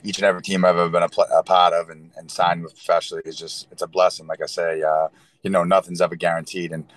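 A man's voice: low-pitched, no echo, rough recording. A man in his thirties, a professional football player, answering interview questions earnestly with lots of fillers. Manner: earnest, rambling with many fillers. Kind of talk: casual interview talk.

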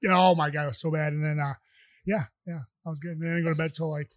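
Man, rambling storyteller, restarts a lot, fast talker, slightly high voice. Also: steady tone, no room sound. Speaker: guest. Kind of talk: casual storytelling.

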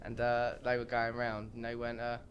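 Young man, rambling storyteller, loud laugh, medium pitch. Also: completely flat delivery, moderate pace, highs cut off, slight background noise. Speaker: podcast co-host. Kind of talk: casual chat among friends.

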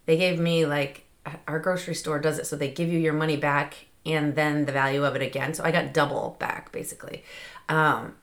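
A woman's voice: sits low, little pitch movement, fairly quick. A woman hosting a podcast, talking through a casual motivational monologue into a close mic, chatty and laughing often. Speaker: podcast host.

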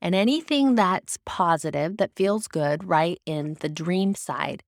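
A woman speaks in a somewhat low voice, earnest and explanatory as she teaches about faith. The recording is dry and close, with no room sound. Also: expressive, measured pace, gravelly, no echo. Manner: earnest, explanatory, with occasional restarts. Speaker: devotional speaker. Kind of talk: faith-based teaching talk.

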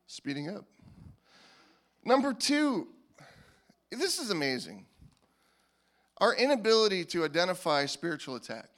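A male pastor preaching a sermon in a casual, animated way, often restarting his sentences. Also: high-pitched, a little slow, pauses often. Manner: animated and informal, with frequent restarts. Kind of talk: conversational sermon.

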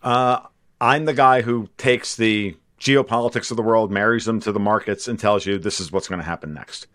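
A man's voice: fairly low pitch, moderate pace, fairly bright tone, no room sound, clean studio sound. A man who is a guest on a podcast, giving assertive, explanatory answers and listing his points one after another. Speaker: podcast guest, markets commentator. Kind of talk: conversational interview answers.

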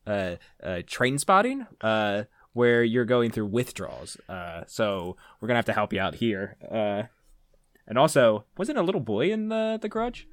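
Man, movie podcast co-host, dry close sound, measured, analytical. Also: lowish voice, big pitch swings, dry recording. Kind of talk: casual movie-review chat.

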